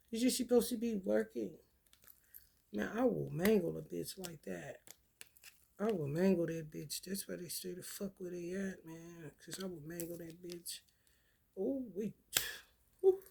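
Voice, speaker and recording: A woman talking casually to her viewers, telling animated, profane stories with frequent laughter. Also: medium pitch, unhurried, gravelly, long pauses, slightly rough. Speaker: spiritual talk host.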